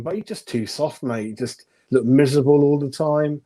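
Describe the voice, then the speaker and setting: A man's voice: on the high side, moderate pace, warm tone. A man giving blunt, opinionated football ratings in a casual podcast chat, chuckling at his own jokes. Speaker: football pundit.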